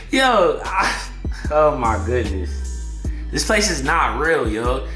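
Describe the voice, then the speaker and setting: A man vlogging an excitable storytime in heavy slang, acting out what people said. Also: mid-range voice. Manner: slangy, excitable, acts out quotes. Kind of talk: animated storytime. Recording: echoey room, faint music behind.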